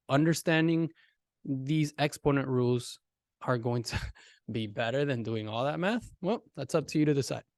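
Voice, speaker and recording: A man teaching a casual math lesson, animated and talking directly to his students. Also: medium pitch, no echo, studio quality.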